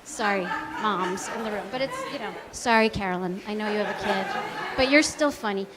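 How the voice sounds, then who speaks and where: A woman's voice: mid-range voice, fairly quick, a loud crowd, heavy background noise. A woman in her forties doing a stand-up comedy set, chatty and self-deprecating, full of likes and ums. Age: 40s. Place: small comedy club stage.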